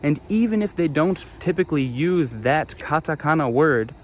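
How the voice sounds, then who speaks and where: A man's voice: a little high, animated, normal speed, slight background noise. A young man giving casual travel advice straight to camera, blunt and emphatic, swearing freely and repeating his promises.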